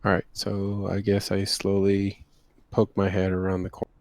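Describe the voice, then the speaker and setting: A low-voiced man at a tabletop game, speaking in a careful, questioning way. He checks the rules before each move. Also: monotone, moderate pace, gravelly, darkish tone, smooth, dry recording. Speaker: player. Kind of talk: casual tabletop game chat.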